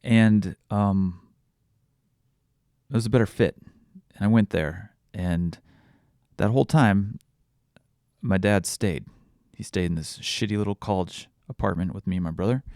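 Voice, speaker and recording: A young man with a very low voice speaks candidly about his own life, swearing freely and restarting sentences as he works through it. The sound is close and dry, with no room around him. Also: gravelly, a little mellow, no echo. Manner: frank, swears often, halting restarts. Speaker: podcast host. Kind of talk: candid personal storytelling.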